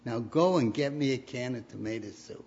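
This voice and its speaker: A man voicing a patient mother who softly coaxes her son in a story told during a sermon. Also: mid-range voice, moderate pace, breathy edge. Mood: coaxing. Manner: soft, reassuring. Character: patient, gently coaxing mother. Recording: dull lo-fi recording.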